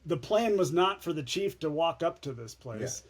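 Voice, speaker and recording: A former TV news anchor, a man, telling stories as a podcast guest in an animated way, often restarting his words. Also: a little high, normal speed. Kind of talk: casual storytelling chat.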